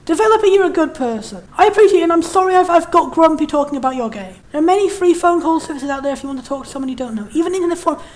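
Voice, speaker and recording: High-voiced young woman, frank and rambling. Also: rapid-fire, hardly any pauses, darkish tone. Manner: frank, rambling, with many restarts and swearing. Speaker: game reviewer. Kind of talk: candid game commentary.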